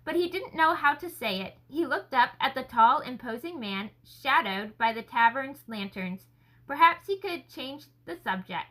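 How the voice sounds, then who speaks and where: A woman reading a story aloud as an audiobook narrator, with expressive storytelling. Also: sits high, moderate pace. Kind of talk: scripted narration.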